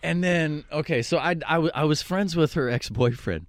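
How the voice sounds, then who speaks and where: A man's voice: a little high, moderate pace, no room sound. A man from Virginia, co-hosting a radio show, telling a story in casual chat and acting out the people in it. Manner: animated, acts out the people in his stories.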